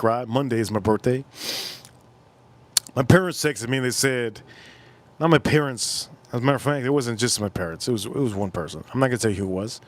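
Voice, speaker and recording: A man in his forties hosting a casual live stream, telling a rambling story and repeating himself. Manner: rambling, repeats himself, jumps into loud high-pitched impressions. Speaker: livestream host.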